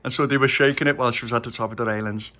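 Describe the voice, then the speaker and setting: A man telling a children's story in an animated way, often chuckling. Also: mid-range voice, rapid-fire.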